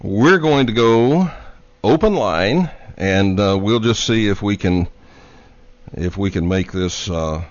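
A man hosting a live radio talk show from a studio, talking in an unhurried, halting way with many fillers. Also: low voice, dry recording. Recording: dry, dull lo-fi radio studio sound.

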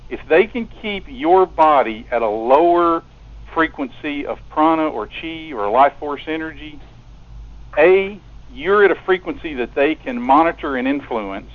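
A man's voice: fairly high pitch, animated, measured pace. Earnest male radio guest with a stammering delivery, heard over a thin phone line. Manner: earnest, stammers and repeats words. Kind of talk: casual phone conversation. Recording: narrow telephone line.

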